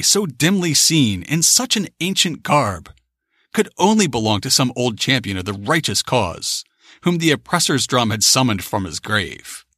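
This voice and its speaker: A man reads a classic tale aloud with measured, expressive delivery. His voice is bright and animated in pitch, and it sounds dry and close. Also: no echo. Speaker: narrator. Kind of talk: dramatic literary reading.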